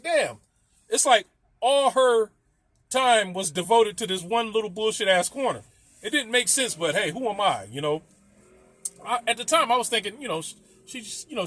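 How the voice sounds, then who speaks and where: A man's voice: high voice, pushed and bright, no echo. A middle-aged man telling a casual story, profane and rambling, laughing often.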